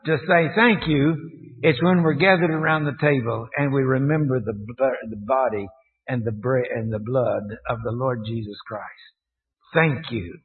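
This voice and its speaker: Male preacher, mid pitch, halting with restarts, questions the congregation; lo-fi phone-like church recording with long reverb. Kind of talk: sermon. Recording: tinny, echoey church recording.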